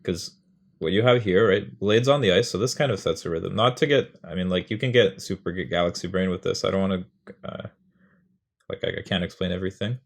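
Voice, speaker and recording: Sitting low and speaking a little fast, a young man hosts a poetry tutorial. He explains how to write a poem in a casual, rambling, self-mocking way, sounding out rhythms aloud.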